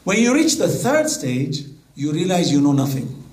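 A man's voice: fairly high pitch, big pitch swings, normal speed, a little mellow. A man preaching a sermon, mixing Arabic quotations into his English. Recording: echoey hall.

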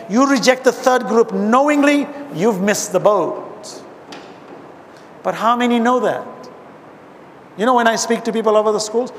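A man giving an impassioned religious talk to a gathering, reciting Arabic verses between his explanations. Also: high voice. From abroad, now living in America. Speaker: Islamic speaker. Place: hall with an audience. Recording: hall reverb, faint noise.

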